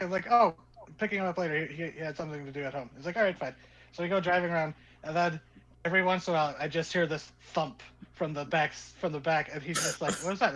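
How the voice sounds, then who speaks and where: Man, game master, rambling storyteller, slightly high voice. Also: muffled recording. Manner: rambling, animated storyteller with frequent "like". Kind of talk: narrating a tabletop game and telling anecdotes.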